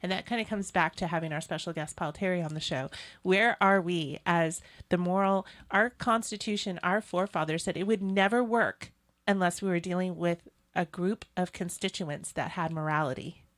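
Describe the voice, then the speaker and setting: A woman hosting a political talk show, earnest and opinionated as she talks with her co-host. Her voice sits somewhat low, and her delivery is conversational. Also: normal speed, a bit bright.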